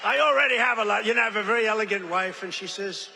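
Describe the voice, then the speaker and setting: A man's voice: sits high, fast talker, vocal fry, few pauses, sharp tone, some chatter behind, a little hiss or hum. An older man giving a rambling, boastful rally speech from a podium, with mocking asides and acted-out quotes. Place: large event venue. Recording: reverberant venue with faint ambience.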